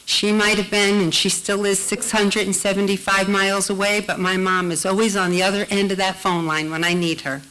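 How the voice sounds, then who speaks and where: Woman, live storytelling event, stage mic, heartfelt, slows for emphasis, middle pitch. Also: level tone, fairly bright tone, low-quality recording. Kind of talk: personal storytelling to an audience.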